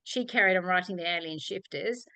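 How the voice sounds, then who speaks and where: A middle-aged Australian woman, an author, chatting casually on a podcast and telling lively stories with acted-out quotes. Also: lowish voice, brisk, no room sound, poor audio. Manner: animated storyteller, acts out quoted voices. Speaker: author guest.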